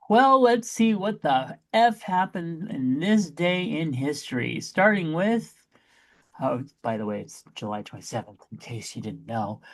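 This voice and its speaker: A man's voice: a little high, darkish tone. A man hosting a casual podcast, chatty and playfully campy as he runs through the show. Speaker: podcast host.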